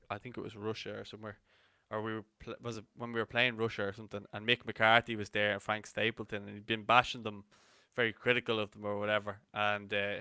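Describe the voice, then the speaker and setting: Bright, chatty Irish man. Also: on the low side, smooth, no echo, studio quality. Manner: chatty storyteller, animated anecdotes. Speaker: co-host of a football watch-along. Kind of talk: casual chat.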